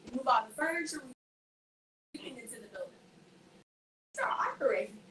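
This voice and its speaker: A woman shares her faith testimony with a group, animatedly acting out each person in her story. Her voice sits a little high and sounds bright and forceful. She is caught from some distance off the mic, in an echoey room with a faint hiss underneath. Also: very animated, brisk, long pauses. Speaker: speaker giving a faith testimony.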